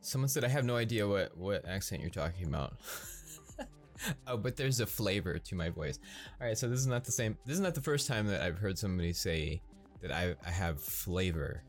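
Laid-back Midwestern man, lowish voice. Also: animated, faint music behind. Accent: Midwestern American. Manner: halting, many restarts, laughs often. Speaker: podcast host. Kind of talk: casual rambling monologue.

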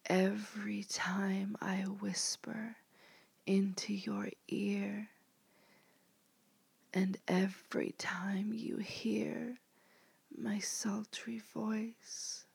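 A woman in a whispered role-play, speaking as a commanding mistress in a slow, hypnotic whisper. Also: mid-range voice, level tone, vocal fry, darkish tone, slightly rough, no echo.

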